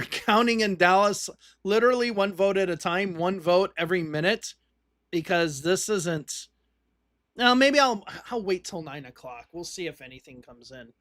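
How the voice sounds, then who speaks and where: A man with a high voice rambles through election returns, restarting his sentences as he goes. The sound is close and dry, with no room around it, and he talks like a host chatting on a livestream. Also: a bit bright, no room sound. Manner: rambling, restarts, thinks aloud while reading results. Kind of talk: casual live commentary on election results.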